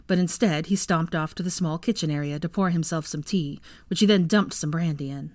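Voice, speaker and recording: A woman reading fan fiction aloud as narrator, at an even, steady pace. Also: deep voice, moderate pace, no room sound.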